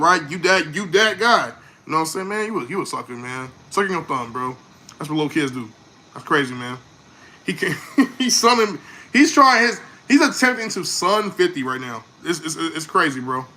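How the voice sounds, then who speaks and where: A man hosting a casual music reaction, talking in an animated way, repeating words and trailing off into fillers. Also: fairly high pitch, fairly quick.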